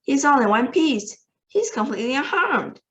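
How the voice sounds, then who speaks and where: A woman reading a storybook aloud and voicing an eccentric, whimsical chocolate maker who is brisk and cheerful. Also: sits high, big pitch swings, fairly bright tone, voice pushed up. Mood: breezy.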